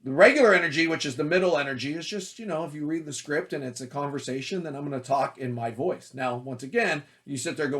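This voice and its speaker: A man teaching about auditions as an acting coach, talking in a loud, forceful, energetic way. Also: on the high side, fast, few pauses.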